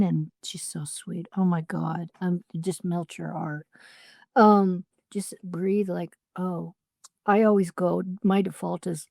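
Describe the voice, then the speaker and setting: Woman cohost, mellow warm voice, reflective and open, dry sound. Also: fairly low pitch, creaky, dry recording. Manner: reflective and open, talks about family. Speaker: podcast co-host. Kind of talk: casual heartfelt chat.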